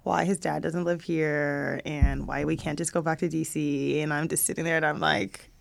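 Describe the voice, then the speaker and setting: A woman's voice: low-pitched, level tone, normal speed, gravelly. A young adult woman co-hosting a podcast, candidly telling a personal story in casual chat and quoting her child. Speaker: podcast co-host.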